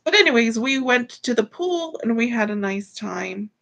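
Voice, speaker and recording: A woman's voice: on the high side, expressive, normal speed, gravelly, a bit bright. A tired woman hosts a casual livestream from home, greeting viewers by name. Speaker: livestream host.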